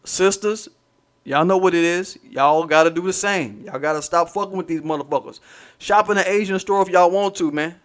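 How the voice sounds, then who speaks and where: A man's voice: sits high, normal speed, fairly bright tone. A man hosting a livestream, ranting in a profane, rambling way and talking to his chat. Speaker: livestream host. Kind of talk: casual livestream rant.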